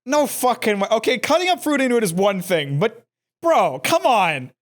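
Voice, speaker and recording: A man co-hosting a comedy podcast, teasing his partner with mock threats and quick jokes. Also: high-pitched, big pitch swings. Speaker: podcast co-host. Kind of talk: casual comedy podcast banter.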